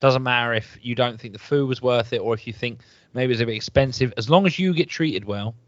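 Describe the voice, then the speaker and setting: A man's voice: mid-range voice, brisk, no room sound, lo-fi sound. A man, a chatty podcast co-host who mostly agrees and chimes in. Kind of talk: casual chat.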